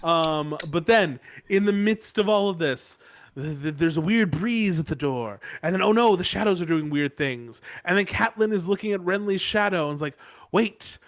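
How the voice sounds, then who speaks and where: Man, podcast host, playful, profane, rambling, high-pitched, dry room. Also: lively intonation, normal speed, dry recording. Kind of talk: casual book-recap chat.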